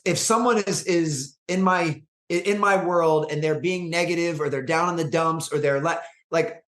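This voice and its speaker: A man speaking as a guest in an interview, measured and reflective, often restarting his phrases. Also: on the high side, a bit bright, roomy sound. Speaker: guest, performance coach and speaker. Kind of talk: conversational interview.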